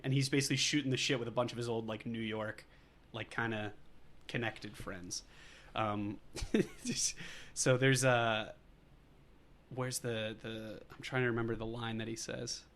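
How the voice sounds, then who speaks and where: A man in easygoing podcast chat, talking through a film at a middling pitch. He rambles, stacks up fillers and keeps breaking into laughter. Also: little pitch movement, unhurried, fairly bright tone. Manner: laughs often, loose and rambling with many fillers. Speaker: podcast co-host. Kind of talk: casual chat recapping a movie.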